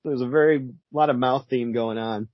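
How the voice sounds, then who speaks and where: A man co-hosting a casual podcast, playful and quick to laugh. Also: medium pitch, steady tone, no echo, dull audio. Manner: laughing, playful, acts out quotes. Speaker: podcast co-host. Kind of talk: casual comic book chat.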